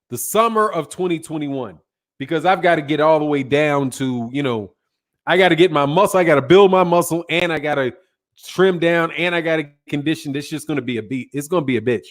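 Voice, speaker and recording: A middle-aged man hosting a boxing channel, chatting casually and a little tiredly, rambling with slang and self-corrections as he reads viewer comments. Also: a little high. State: tired, yawning. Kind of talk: casual livestream chat reading viewer comments.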